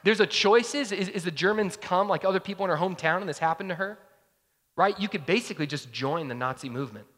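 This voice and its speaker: A man's voice: sits high, quick pace, a bit bright, in a large hall. A man preaching a sermon as pastor in a casual, conversational way, full of fillers like "like" and "right?", recorded in a church.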